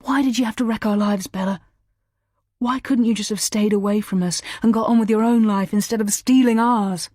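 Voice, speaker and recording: A woman doing a furious grieving young man, accusing, low voice, dry sound. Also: moderate pace, darkish tone, breathy edge, dry recording. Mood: bitter. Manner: bitter, accusing, tearful.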